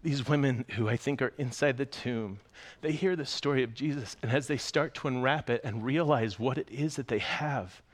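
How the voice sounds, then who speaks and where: A male pastor gives a sermon in a relaxed, conversational way. He talks at a middle pitch and leans into the story with expressive delivery. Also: breathy edge.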